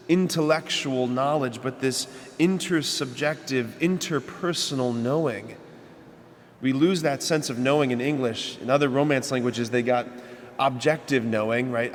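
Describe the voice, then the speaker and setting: A man's voice: mid-range voice, a little hiss or hum. Male priest, conversational homily, long church reverb. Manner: conversational, asks rhetorical questions. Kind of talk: sermon.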